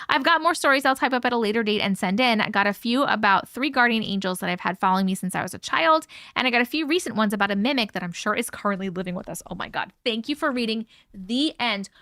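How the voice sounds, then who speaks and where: A woman's voice: sits high, sharp tone, no echo, studio quality. A woman hosting a live stream, reading a viewer's story aloud and breaking in with chatty asides. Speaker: host reading viewer stories.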